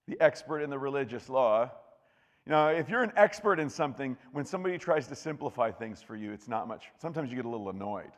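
A male pastor delivers a relaxed, joking sermon and reads scripture aloud, often restarting his sentences. His voice sits at an ordinary pitch for a man. The sound carries the long reverb of a large church hall. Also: fast talker. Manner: joking, chatty, with frequent restarts. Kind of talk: conversational sermon with scripture reading.

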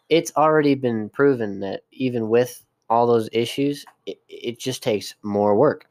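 A man's voice: mid-range voice, animated, normal speed, few pauses, darkish tone. Male co-host, voice cracks, argumentative and certain of his facts. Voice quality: cracking voice from damaged vocal cords. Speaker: podcast co-host. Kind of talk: casual podcast banter.

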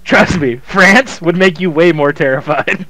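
A man co-hosting a podcast in casual chat, excitable and swearing a lot. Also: on the high side, a little slow. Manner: excitable, laughing, heavy swearing. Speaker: podcast co-host.

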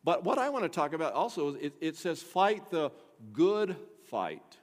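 A pastor preaching to his congregation in an earnest way, often turning to ask them direct questions. His voice sits a little high for a man. The sound carries a long echo, as in a big church hall. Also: big pitch swings, moderate pace. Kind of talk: sermon.

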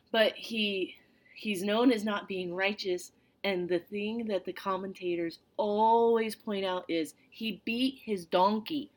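Her voice sits on the low side as she runs a relaxed Bible study, reading scripture before chatting about it in an animated manner packed with asides.

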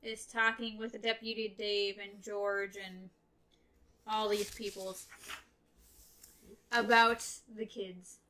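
A woman's voice: medium pitch, little pitch movement, slow pace, pauses often, pushed and bright, slight background noise, poor audio. A woman co-hosting a podcast, reading a novel aloud and chatting about it in a wry, easygoing way. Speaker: podcast co-host.

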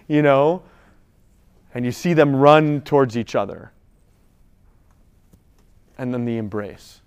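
Smooth-voiced male priest preaching. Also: medium pitch, a little mellow. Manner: storytelling, builds to preaching emphasis. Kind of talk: sermon.

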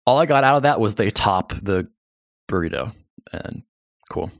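A man's voice: lowish voice, lively intonation, normal speed, no room sound, studio quality. A young man co-hosting a casual podcast, laid-back and teasing. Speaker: podcast co-host. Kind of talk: casual chat.

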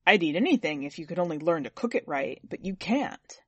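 A woman's voice: fairly low pitch, lively intonation, a little fast, fairly bright tone, breathy edge, no echo. A woman reader voicing a fussy husband who speaks curtly and with scorn. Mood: scornful.

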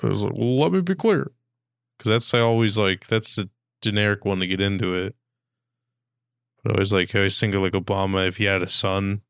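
Gravelly low-voiced man joking around. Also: level tone, fast talker, fairly bright tone, no room sound, clean studio sound. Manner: jokey, slips into high-pitched impressions. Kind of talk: casual comedic banter.

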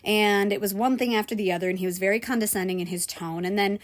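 A woman's voice: mid-range voice, steady tone, fast. Candid woman telling a personal story. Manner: candid, emotional, swings between loud and hushed. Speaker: restaurant server and writer.

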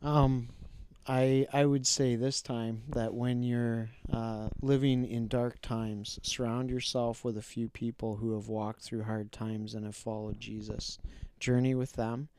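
Flat-toned man giving gentle advice. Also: medium pitch, a little hiss or hum. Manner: measured, gently exhorting. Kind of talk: pastoral advice.

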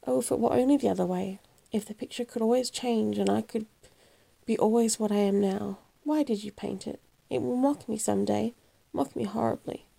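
A woman's voice: medium pitch, fairly even intonation, moderate pace, vocal fry, dark tone, slightly rough. A woman reading a vain, anguished young man. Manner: impassioned, pleading.

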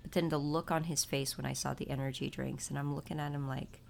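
A woman's voice: a bass voice, steady tone, quick pace, creaky, a little hiss or hum. A woman talking casually to her viewers, confiding about her family and her faith. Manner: chatty, confessional, talks about faith. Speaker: vlogger and mother. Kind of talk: casual confiding vlog chat.

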